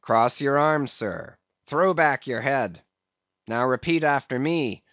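A man's voice: medium pitch, slow pace, a bit bright, no echo, lo-fi sound. A man reading a story aloud and voicing a defiant mutineer sailor who gives orders to a captain. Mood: commanding. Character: defiant rough male sailor mutineer leader.

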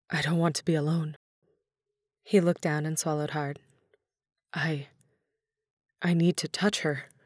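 Low-voiced woman narrating a story. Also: darkish tone, dry recording, studio quality.

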